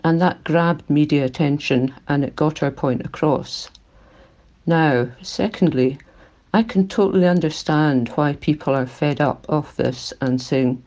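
An older woman with a Glaswegian accent speaks in a recorded interview. Her voice is mellow and dark, and she talks earnestly, with feeling that makes it shake now and then. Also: low voice, measured pace, lo-fi sound. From Scotland. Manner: earnest, emotional, voice shaking at times. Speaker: climate activist.

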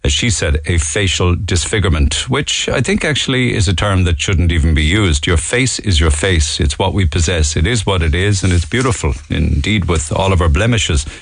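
An Irish man from Cork hosting a phone-in radio show, talking in a gentle, measured way with callers. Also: low voice, expressive, no echo. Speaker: radio talk show host.

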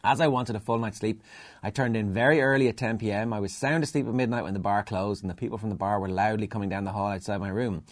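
A man's voice: fairly low pitch, steady tone, fast. A man hosting a podcast, reading out a listener email with dry asides. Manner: reads aloud with dry asides. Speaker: podcast host.

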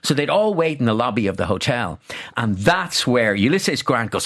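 A man swapping travel stories on a radio chat. His voice sits at an ordinary middle pitch. He talks with eager enthusiasm, restarting and circling back as the stories tumble out. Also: big pitch swings, moderate pace, fairly bright tone. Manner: enthusiastic storyteller, chatty with many restarts. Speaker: travel journalist guest.

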